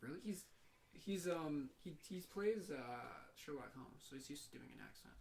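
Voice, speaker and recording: A man's voice: a little high, expressive, normal speed, gravelly, darkish tone. A young man co-hosting a podcast, talking casually and often trailing off mid-sentence. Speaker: podcast co-host. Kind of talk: casual chat. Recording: faint background noise.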